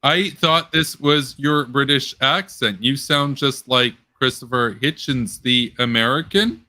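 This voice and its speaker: A young man hosting a casual online post-show chat, rambling and sarcastic, his pitch jumping up when he gets worked up. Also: a little slow, pushed and bright, no echo. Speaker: political commentary host.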